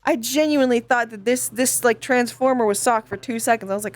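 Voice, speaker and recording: A woman's voice: on the high side, brisk, faint music behind. A woman streamer in playful VR role-play, silly and giggly, humming sing-song noises.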